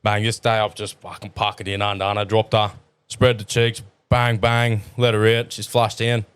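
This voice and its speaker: A man's voice: fairly low pitch, normal speed, clean tone, no echo. An Australian tradesman co-hosting a casual podcast, telling crude stories full of swearing. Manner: crude, swearing, animated storyteller. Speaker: podcast co-host.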